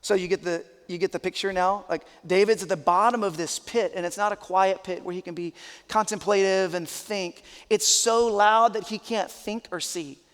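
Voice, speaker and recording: A man's voice: high voice, steady tone, normal speed, a bit bright, clean tone, big-room sound. A man, a pastor, preaching a sermon in an earnest, conversational, emphatic way.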